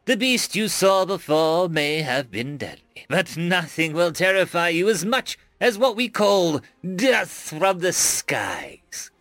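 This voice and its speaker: A man's voice: high-pitched, animated, measured pace, hardly any pauses, a bit bright, no echo, faint music behind. A man voicing an alien student presenter who speaks in a theatrical, ominous way.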